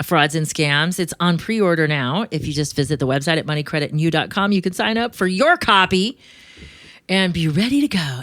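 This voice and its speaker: A woman's voice: fairly low pitch, a bit bright, dry recording. Chatty joking woman host, dry sound. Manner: chatty, joking, quick asides. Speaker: show host. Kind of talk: casual radio-show chat.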